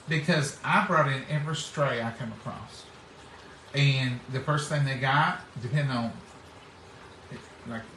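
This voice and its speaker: A man's voice: medium pitch, sharp tone, a little hiss or hum. A middle-aged man, telling homespun stories in casual chat and acting out what people said. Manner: folksy, acts out quoted speech. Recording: roomy, distant mic.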